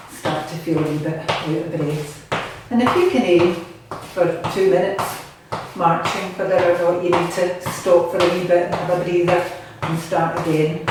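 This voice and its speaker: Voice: medium pitch, noisy background. Cheery Scottish exercise coach, a touch out of breath, recorded from across a bare echoey bathroom. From Scotland. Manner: cheery, encouraging, chatty. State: slightly out of breath. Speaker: fitness instructor. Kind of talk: guided home exercise class. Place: bathroom at home. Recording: echoey room, mic at a distance.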